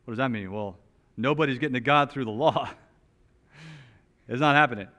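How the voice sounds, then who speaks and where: A male preacher delivering a sermon with a mid-range pitch. He swings from loud, emphatic bursts to quiet, slowed-down lines when he stresses a point. His delivery is animated and earnest. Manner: drops to a soft, slow voice for key points. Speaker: pastor. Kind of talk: expository sermon.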